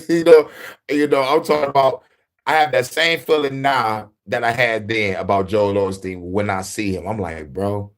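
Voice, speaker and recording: Casual male host riffing profanely, animated storyteller who laughs a lot. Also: mid-range voice, normal speed. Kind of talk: casual monologue.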